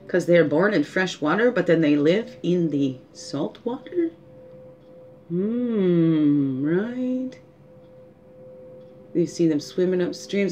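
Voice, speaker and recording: A woman hosting a spiritual guidance talk, musing aloud and asking rhetorical questions, often tagging "right?" and a soft "hmm". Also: on the low side, a little hiss or hum. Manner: musing, asks rhetorical questions, adds 'right?' and 'hmm'. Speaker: spiritual guidance show host.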